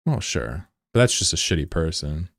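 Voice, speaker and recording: A man streaming live, chatting bluntly and profanely with viewers, swinging between loud outbursts and low mutters. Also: big pitch swings, moderate pace, creaky, dry recording, studio quality. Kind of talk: casual live-stream chat.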